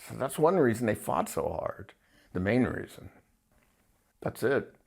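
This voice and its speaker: A man in casual podcast talk, rambling and blunt, his voice climbing high when he gets worked up. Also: sing-song, unhurried, creaky. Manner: crude, blunt wording.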